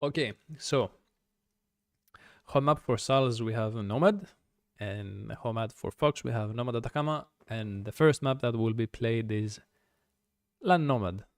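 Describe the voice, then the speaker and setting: A man casting an esports strategy match, running through draft picks in a chatty, steady way. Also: mid-range voice, unhurried, dry recording, studio quality. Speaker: game caster. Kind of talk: esports play-by-play commentary.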